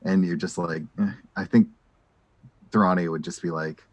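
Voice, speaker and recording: A man's voice: low-pitched, steady tone, normal speed, dry recording, highs cut off. A man playing a tabletop role-playing game, chatting enthusiastically about his character. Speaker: player. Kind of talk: tabletop role-play chat.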